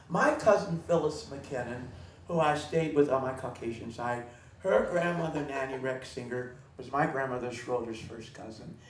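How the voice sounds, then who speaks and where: A man's voice: mid-range voice, roomy sound, far from the mic, a little hiss or hum, low-quality recording. A man performing on stage, telling earnest, meandering stories in a wistful way. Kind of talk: rambling live storytelling. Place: live venue stage.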